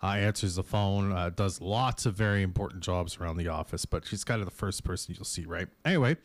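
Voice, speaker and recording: A man hosting a morning radio show, telling stories in a casual, animated way and slipping into put-on voices. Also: low voice, a little fast, no room sound. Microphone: studio microphone.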